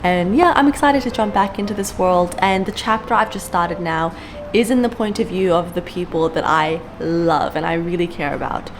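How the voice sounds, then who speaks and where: A woman's voice: lowish voice, expressive, normal speed, background noise. A woman chatting casually to camera at home as a book vlogger, gushing and stretching out words for emphasis, with sighs. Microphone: camera-mounted mic.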